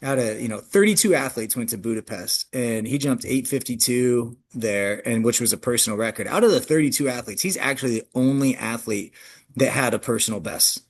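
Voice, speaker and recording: A man's voice: a little fast, breathy edge. A man who coaches track and field, answering interview questions in a loose, conversational way, often restarting his sentences. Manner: animated, frequent restarts, jumps in pitch when emphatic.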